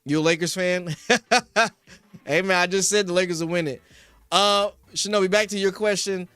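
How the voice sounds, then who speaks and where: Young male Philly sports host, high, bright voice, rambling chat replies, flares into rants, dry close mic. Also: moderate pace, smooth, no echo. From Philadelphia. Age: young adult. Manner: rambling, reads chat names, rises to heated rants. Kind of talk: casual sports talk to live chat. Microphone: studio podcast mic.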